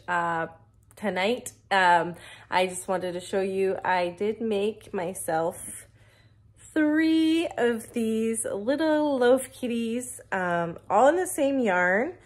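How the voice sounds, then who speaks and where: Slow-talking stuffy woman vlogger. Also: on the high side. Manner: chatty, with many ums and uhs. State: stuffy, coming down with a cold. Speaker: crochet vlogger. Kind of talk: casual vlog chat.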